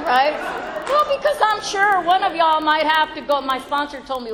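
A woman's voice: high-pitched, animated, moderate pace. Frank, laughing woman sharing her story. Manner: frank, laughing, swears freely. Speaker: recovery meeting speaker. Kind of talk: candid personal testimony. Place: meeting room with an audience. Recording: faint crowd and background noise.

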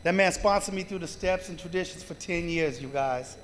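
A man's voice: sits high, fairly quick, long reverb tail, very noisy. A man telling a heartfelt personal recovery story to a live group, swearing freely and often turning to the crowd with "you guys". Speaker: recovery meeting speaker.

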